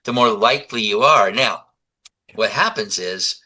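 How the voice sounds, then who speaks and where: A man in his seventies, a guest in a conversational interview, telling animated stories and acting out the dialogue. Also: fairly low pitch, unhurried, low-quality recording. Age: 70s. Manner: animated storyteller who acts out dialogue.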